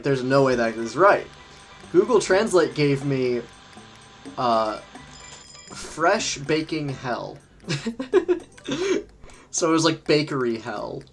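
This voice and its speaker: A gaming streamer talking unhurriedly into a desk microphone, drifting from the game to loose stories and laughing along the way. Faint music plays behind the voice. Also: mid-range voice. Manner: chatty, rambling, often laughing. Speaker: livestream host. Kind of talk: casual gaming livestream chat.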